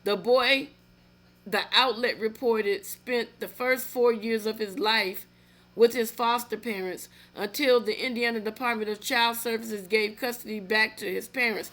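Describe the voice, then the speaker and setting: A woman commenting on a news story in a casual, indignant way, reading parts aloud haltingly and turning to talk to viewers. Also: fairly high pitch, fairly even intonation, fairly bright tone. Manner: indignant, emphatic, with asides to viewers; reads news text aloud haltingly, with restarts.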